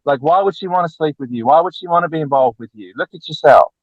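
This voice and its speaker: A man speaking as a relationship coach guest on a podcast, lecturing bluntly and forcefully, with lots of repetition. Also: a little high, expressive, fast, dry recording. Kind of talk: podcast interview. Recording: tinny phone-like dry line.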